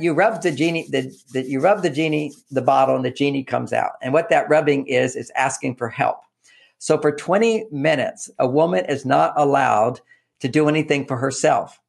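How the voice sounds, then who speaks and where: As an interview guest, a man gives relationship advice in a fairly high voice with a gravelly edge. He speaks animatedly, repeating words to drive points home, and acts out short exchanges by voicing the quoted lines.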